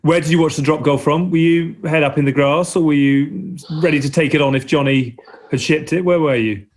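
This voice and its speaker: A male podcast host in a casual interview, asking quick, playful questions in a row. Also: fairly high pitch.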